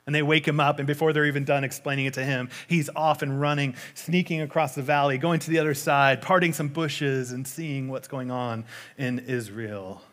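A man preaching a sermon in a conversational way, retelling a story with lively asides. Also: medium pitch, normal speed.

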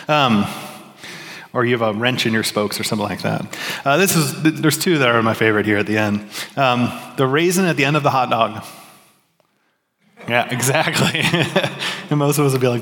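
In a reverberant church sanctuary, a man gives a sermon as pastor in a mid-range, fairly bright voice at a fairly quick pace. He keeps it casual and pokes fun at himself, often using fillers and restarting sentences.

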